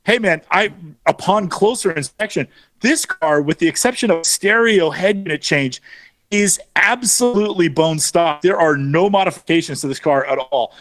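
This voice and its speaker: A man's voice: on the high side, lively intonation, normal speed, fairly bright tone, dry recording. A man co-hosting a casual chat about car auctions, rattling off prices and specs with easy knowledge. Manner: knowledgeable, states numbers and specs. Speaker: co-host of a car auction show.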